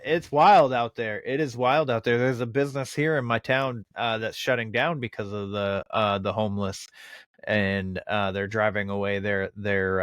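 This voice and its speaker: A man's voice: fairly low pitch, fairly bright tone, clean tone, dry recording, studio quality. Profane, rambling male podcast host. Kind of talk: casual chat.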